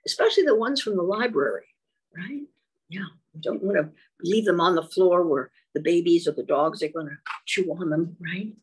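A woman reading a picture book aloud to young children, slow and sing-song, stopping to ask them questions. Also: on the low side, breathy edge. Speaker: children's storyteller.

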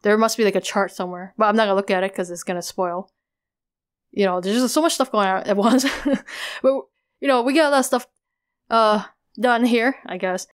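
A woman's voice: medium pitch, a little fast, smooth. Chatty, bewildered young woman. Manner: bewildered, chatty, lots of likes and fillers. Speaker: webcomic reader. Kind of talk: casual reading commentary.

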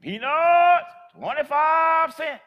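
Man putting on a high voice, tiny hunched old street vendor lady, loud, slow drawn-out call. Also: lively intonation, lo-fi sound, exaggerated voice.

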